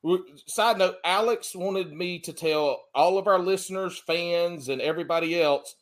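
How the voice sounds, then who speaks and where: A man's voice: high voice, normal speed. A man from the American South with a Southern accent, hosting a casual podcast, joking, laughing often and swearing freely. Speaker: podcast host.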